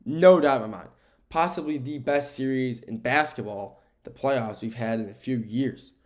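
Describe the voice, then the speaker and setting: A young American man hosts his own sports podcast, chatting loosely and casually at normal speed in a middle-pitched voice. He rambles, repeats his points, and fills his talk with fillers and restarts, getting fired up over the game stats. He's sleepy, too, and keeps yawning.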